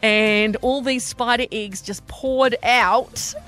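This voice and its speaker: A woman in her forties with a New Zealand accent, hosting a radio show and telling odd news stories in a lively way. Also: on the high side, slow pace, soft background music. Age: 40s. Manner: lively, animated storyteller. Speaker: radio host. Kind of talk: breakfast radio chat and news reading.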